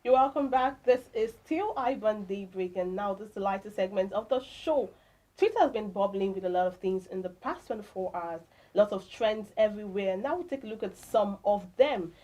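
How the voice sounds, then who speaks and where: Nigerian woman, morning-show co-host, chatty and opinionated, mid pitch. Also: expressive, normal speed, warm tone, poor audio. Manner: reads out tweets, chatty and opinionated. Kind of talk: casual breakfast show chat.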